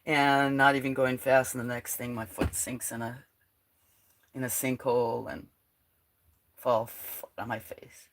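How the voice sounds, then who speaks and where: A woman with a croaky, frog-like voice hosting a casual livestream, rambling, laughing often and reading out her chat. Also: a bass voice, flat delivery, a little slow, pauses often. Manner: chatty, rambling, laughs often, drops to a near whisper at times. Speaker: livestream host.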